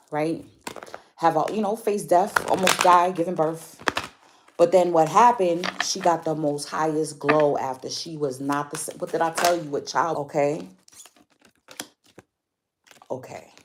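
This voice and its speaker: With a low-sitting voice over background noise, a woman gives her viewers a casual spiritual card reading. She's emphatic, repeats her points, and often checks whether they're following her.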